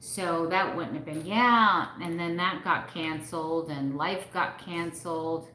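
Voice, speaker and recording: Middle-aged woman vlogger, candid and emotional live-chat host, lowish voice, roomy echo. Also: unhurried, pushed and bright. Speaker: vlogger hosting a live stream. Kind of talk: casual live-stream chat.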